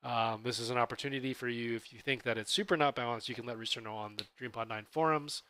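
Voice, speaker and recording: A man co-hosting a podcast, chatting casually about tabletop gaming in a relaxed, explanatory way. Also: mid-range voice, quick pace, a little hiss or hum. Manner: relaxed, explanatory, self-correcting. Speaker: podcast co-host.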